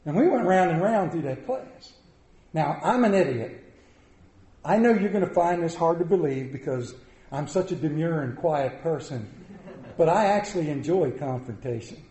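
High, animated preacher man. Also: moderate pace, reverberant, low-quality recording. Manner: animated storytelling, jokey asides. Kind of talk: lively sermon with humor.

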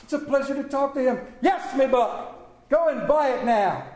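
A man's voice: very high-pitched, expressive, normal speed, a little mellow, reverberant, pitched above the performer's own voice. A man reading aloud and voicing an elderly male miser who is giddy with joy, exclaiming between laughter and tears. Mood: eager. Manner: exclaiming, laughing and crying at once.

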